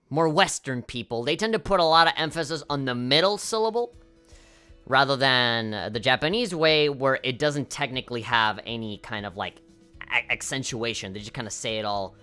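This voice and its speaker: A man's voice: medium pitch, pushed and bright. Chill guy streamer rambling and cursing, game music playing faintly under him. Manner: rambling, laid-back, swears often. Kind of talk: casual live-stream chat.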